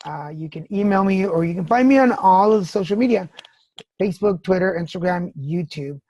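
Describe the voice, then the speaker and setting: A woman's voice: fairly low pitch, a little fast, darkish tone. A woman hosting a podcast, telling personal stories frankly with swearing and laughter. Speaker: podcast host. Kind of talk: candid casual chat.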